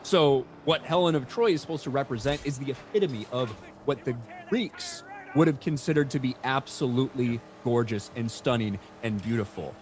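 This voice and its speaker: A man's voice: medium pitch, moderate pace, a little hiss or hum. A man laying out an argument at length in a casual panel chat.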